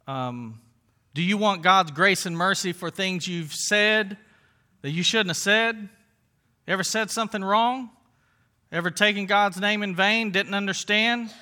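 Pastor, male; high voice with a very sharp, tense edge; conversational sermon, lots of rhetorical questions.

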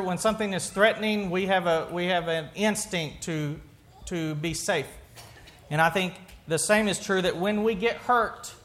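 A man with a notably high voice preaches a sermon. He talks like he is chatting with his congregation, tossing them questions and backing up mid-sentence to rephrase. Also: a bit bright. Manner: conversational, asks the congregation questions, restarts sentences. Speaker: pastor.

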